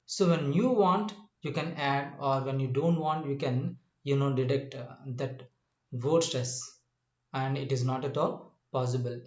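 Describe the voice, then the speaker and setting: A male English teacher giving a spoken lesson, slow and repetitive, often asking if the listener understands. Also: medium pitch, echoey room. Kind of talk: classroom-style spoken lesson.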